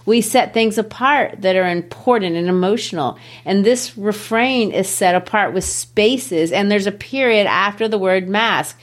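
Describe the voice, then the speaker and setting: Lively middle-aged lady teacher breaking down a poem, playful, jumps her pitch around for emphasis. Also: a little slow, hardly any pauses. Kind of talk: classroom-style poetry lesson.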